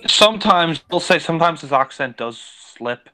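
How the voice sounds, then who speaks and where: A man's voice: a little high, lively intonation, normal speed, bright, forceful tone, low-quality recording. A man giving casual, rambling commentary on a film, with lots of fillers.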